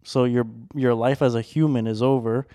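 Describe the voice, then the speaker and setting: A man's voice: mid-range voice, fairly even intonation, normal speed, warm tone, no echo, studio quality. A man co-hosting a casual podcast chat, explaining patiently and teasing his co-host, often laughing.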